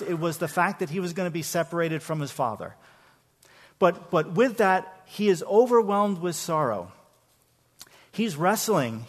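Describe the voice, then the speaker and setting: A man preaching a sermon to his congregation in a church, talking conversationally, often repeating words as he starts a phrase, and asking his listeners questions. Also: high-pitched. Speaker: pastor. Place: church sanctuary. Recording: long hall reverb.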